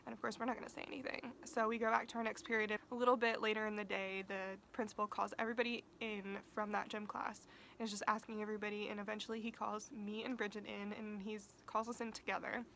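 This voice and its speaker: A young woman vlogger telling a casual storytime, talking fast and swearing freely, saying "like" all the time. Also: mid-range voice, level tone, creaky, a bit bright, a little hiss or hum, rough recording. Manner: profane, fast-talking, uses "like" constantly.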